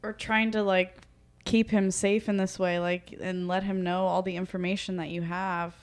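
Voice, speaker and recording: A young woman co-hosting a podcast, chatting casually with quick jokey asides and frequent laughter. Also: lowish voice, level tone, clean tone. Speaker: podcast co-host.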